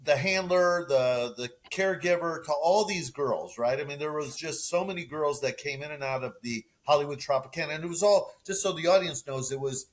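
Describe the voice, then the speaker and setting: A man's voice: on the high side, brisk, few pauses. A man hosting a podcast, asking his guest questions with enthusiasm and many restarts. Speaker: podcast host. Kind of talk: casual interview chat.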